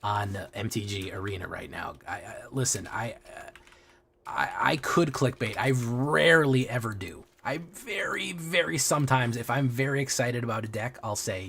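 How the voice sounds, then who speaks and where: A man's voice: lowish voice, moderate pace, a bit bright, husky. Casual, profane man streaming to chat. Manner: casual and profane, restarts a lot.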